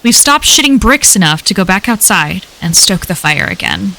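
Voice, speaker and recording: A woman's voice: mid-range voice, very animated, normal speed, gravelly, pushed and bright. A woman reading a first-person horror story aloud on a live stream, in a casual, conversational telling full of swearing.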